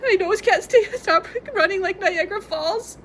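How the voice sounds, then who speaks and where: A woman's voice: extremely high pitch, normal speed, fairly bright tone, slight background noise. A woman vlogger talking in a rambling, emotional confessional monologue, tearful and congested, sometimes laughing through her tears.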